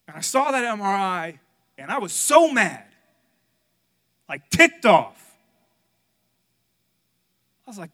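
A male pastor preaching a sermon, telling a candid personal story, swinging from loud outbursts to hushed, quiet passages. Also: sits high, big pitch swings, slow pace, long pauses.

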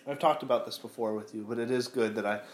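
A congested man hosts a podcast in loose, casual chat. His voice has a middling pitch. Self-deprecating asides run through his talk, and the sound carries a roomy echo. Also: fairly even intonation, quick pace. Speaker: podcast host.

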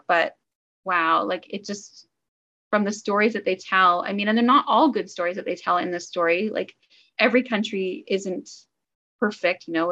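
A woman's voice: medium pitch, pushed and bright, lo-fi sound. A woman from Canada co-hosting a book podcast, chatting enthusiastically and rambling with fillers and asides. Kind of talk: casual book review chat.

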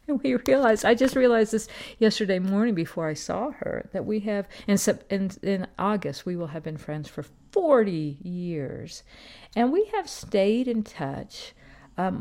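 A woman in her fifties hosts a podcast, rambling casually through a meandering monologue packed with fillers and restarts. Her voice is mid-range with a dark tone.

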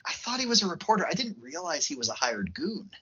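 Brief: male podcast co-host, animated storyteller, husky edge to his voice. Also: a little high, fast. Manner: animated storytelling, laughs easily. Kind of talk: casual chat. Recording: muffled lo-fi podcast audio.

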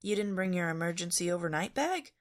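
A woman's voice: mid-range voice, sing-song, normal speed, pitched above the performer's own voice. A woman voicing a cheerful, easygoing young man who speaks in a matter-of-fact way. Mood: casual.

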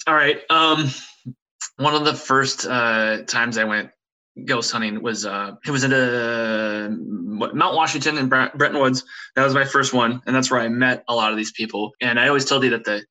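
A young man with a bright, forward voice tells a spooky story in relaxed chat. He wanders through it with lots of fillers and restarts. He slips into the voices of the people he quotes. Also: medium pitch, normal speed, low-quality recording. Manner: rambling, frequent fillers and restarts, acts out quotes. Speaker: podcast guest telling ghost stories. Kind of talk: casual storytelling conversation.

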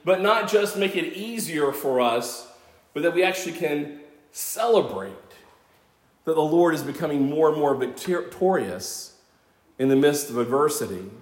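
A man's voice: a little high, lively intonation, unhurried. A man in his fifties preaching a sermon, earnest and conversational, with self-deprecating asides. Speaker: pastor. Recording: echoey church room.

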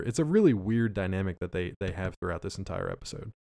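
A man's voice: low-pitched, very animated, fast talker, gravelly, few pauses, warm tone. A man co-hosting a podcast, casually recapping a cartoon episode in a loose, rambling way. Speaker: podcast co-host.

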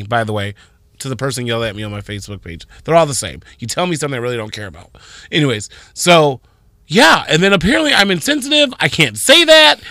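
A man co-hosting a morning radio show, telling stories in an animated way and acting out other people's voices. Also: medium pitch, no echo, studio quality. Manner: animated storytelling, acts out quoted voices. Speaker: radio co-host. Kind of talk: casual morning radio chat.

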